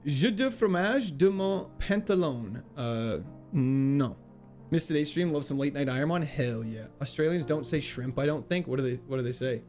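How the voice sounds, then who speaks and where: A man's voice: mid-range voice, moderate pace, a little mellow, soft background music. A man streaming a video game live, chatting casually and playfully as he reads out chat and laughs often. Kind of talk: casual live gameplay commentary, reading chat.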